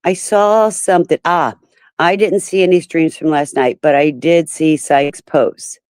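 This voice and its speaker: A woman's voice: low-pitched, fairly even intonation, measured pace, a little mellow, no room sound. A woman hosting a casual livestream, talking in an upset, rambling way and greeting her viewers by name. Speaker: livestream host. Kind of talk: casual live-stream talk to viewers.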